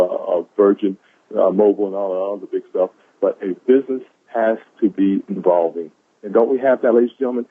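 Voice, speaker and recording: A man giving an enthusiastic, preachy motivational talk on a conference call, repeating lines for emphasis. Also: lowish voice. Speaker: caller sharing quotes of the day. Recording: tinny phone line.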